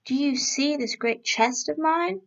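A woman putting on a booming giant monster. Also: measured pace, vocal fry. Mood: taunting. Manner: booming, repeated taunting questions. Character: huge rising male monster, menacing and boastful. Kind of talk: storybook reading. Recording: dull lo-fi recording.

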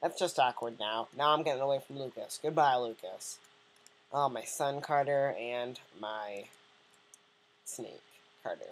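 Husky low-voiced woman joking through a game. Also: measured pace. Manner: joking, rambling, talks to game characters. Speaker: let's play gamer. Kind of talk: casual game commentary.

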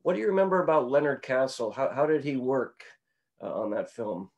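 A man's voice: medium pitch, big pitch swings, brisk, vocal fry, darkish tone, muffled recording. A man interviewing a guest, asking brief questions and offering encouraging prompts.

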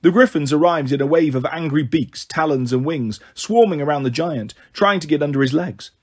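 A male audiobook reader with a slightly raised pitch and a husky edge to his voice. He moves through the story in a steady, even narrating manner, without rushing.

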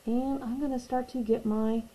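A woman's voice: on the high side, fairly even intonation, normal speed, warm tone, a little hiss or hum, poor audio. A woman teaching a watercolor painting tutorial, patient and reassuring, repeating her key points. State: hiccups. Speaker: art teacher.

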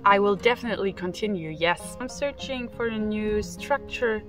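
A woman's voice: mid-range voice, normal speed, over music. Candid woman vlogging on the road. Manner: candid, self-talking, swears freely when frustrated. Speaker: bikepacking vlogger. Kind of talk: casual travel vlog to camera. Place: outdoors on the road.

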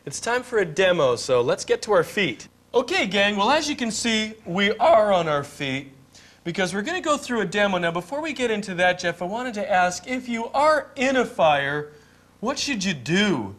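A man with a high voice runs a mock interview on a comedy morning show. He asks absurd questions in a playful, straight-faced way. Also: very animated, moderate pace, a bit bright. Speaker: co-host.

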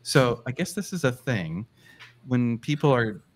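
A man telling a story in a casual live show chat, swearing freely and acting out quotes in a high voice. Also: expressive, a little slow, slight background noise.

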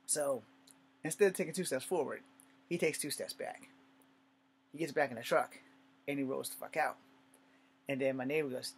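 A man's voice: quick pace, a little hiss or hum. Blunt, profane man telling a story. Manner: blunt, profane, swings from low mutters to loud shouting. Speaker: vlogger. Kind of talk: casual storytelling to camera.

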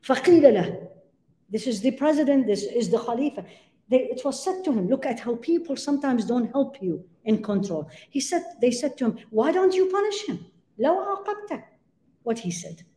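A woman delivers a religious lecture with emphatic, rhetorical questions and sprinkled Arabic phrases. Her voice is dark and mellow, and it rings around a reverberant lecture room with a live audience. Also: a little high, animated, a little fast. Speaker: Islamic lecturer.

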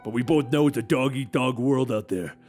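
A man voicing a brash, aggressive mutated male dog who talks loudly and taunts, often shouting. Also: mid-range voice, brisk, slightly rough, faint music behind, natural voice. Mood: taunting.

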